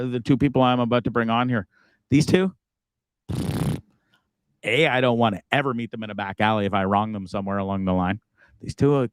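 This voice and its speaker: A man's voice: medium pitch, clear, resonant tone, no room sound. A man hosting a live show, talking casually with a profane, rambling manner. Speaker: host.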